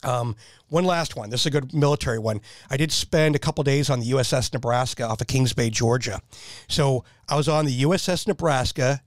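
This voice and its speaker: A man's voice: mid-range voice, no room sound, studio quality. A man in his fifties, a military veteran, telling stories in a rambling, enthusiastic way as a podcast guest. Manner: enthusiastic, rambling storyteller who repeats himself. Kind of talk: casual storytelling.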